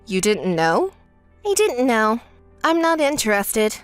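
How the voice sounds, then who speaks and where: A woman voicing a calm, sensible older sister in a texting story, flat and dismissive. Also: a little high, slow pace, clear, resonant tone, soft background music.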